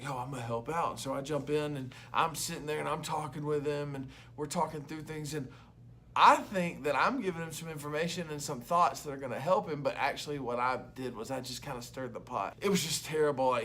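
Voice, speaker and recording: A young adult man, a youth pastor, giving an energetic, loud and chatty devotional talk to camera. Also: medium pitch, slight background noise.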